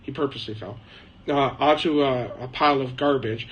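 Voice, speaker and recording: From his shed, this man hosts a laid-back live chat with lo-fi sound, his mid-range voice moving fairly quickly. Answering viewers' questions, he rambles, chats, laughs often, and does impressions of people.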